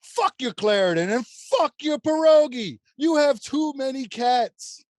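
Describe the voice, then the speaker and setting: A man doing a grumpy, raised-pitch landlord with a fake Eastern European accent, scolding and repeating himself at full volume. He swings his pitch widely and drags some words out slowly. It's a comedic script read over a podcast mic. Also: big pitch swings. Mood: angry. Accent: put-on Eastern European accent. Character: grumpy male landlord fed up with a tenant's cats.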